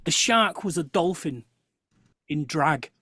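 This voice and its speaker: A host in casual chat tells a story with animated energy, stopping and restarting mid-sentence. The voice sits at a middling pitch, recorded dry and close with no room sound. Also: slow pace, breathy edge, dry recording. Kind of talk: casual chat on a live show.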